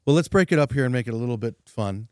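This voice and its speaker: A man's voice: mid-range voice, expressive, racing, smooth, no room sound, studio quality. A man hosting a trades podcast, asking questions in an enthusiastic, encouraging way with many fillers. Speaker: podcast host. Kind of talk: casual interview.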